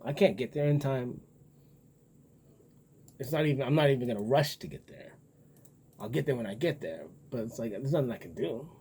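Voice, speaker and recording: A man with a husky, slightly breathy voice delivers a loose, rambling monologue. His pitch sits in an ordinary middle range, and his talk is blunt, profane and musing. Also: animated, moderate pace, long pauses, dark tone. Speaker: vlogger.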